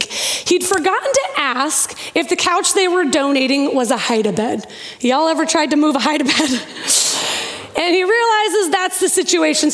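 A woman pastor preaching a sermon, telling stories with slow emphatic pauses and quick lively bursts. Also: high-pitched. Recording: long hall reverb.

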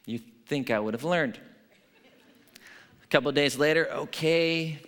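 A male pastor giving a sermon in a relaxed, conversational way, telling stories and checking in with his listeners. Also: a little high, unhurried, big-room sound. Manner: conversational, storytelling, frequent "right?" asides.

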